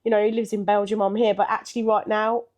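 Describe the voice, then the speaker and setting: A woman's voice: mid-range voice, flat delivery, quick pace, darkish tone. An older woman, a podcast co-host, telling a story in casual chat with a chatty manner, laughing often and acting out what people said.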